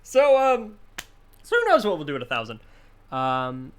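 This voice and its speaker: A man's voice: a little high, huge pitch swings, takes it slowly, long pauses, clean tone. A man co-hosting a charity stream, chatting casually and laughing often. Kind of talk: casual chat.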